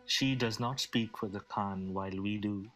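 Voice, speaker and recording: Solemn desert envoy, played by a man, formal, bright-toned, lowish pitch, tabletop game. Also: moderate pace, faint music behind, close to an everyday voice.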